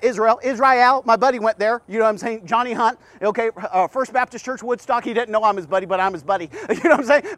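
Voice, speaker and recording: High-voiced stammering preacher man. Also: quick pace, few pauses, no room sound. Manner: rambling, repetitive, stammering, animated. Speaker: devotional podcast host. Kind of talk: sermon-like devotional talk.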